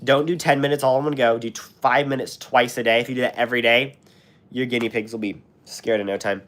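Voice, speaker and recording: His mid-range voice fast, steady in tone and fairly bright, a young man from the United States hosts a live stream chat and reads comments. Being sick has left his throat scratchy and sore, and his talk rambles with many fillers and false starts.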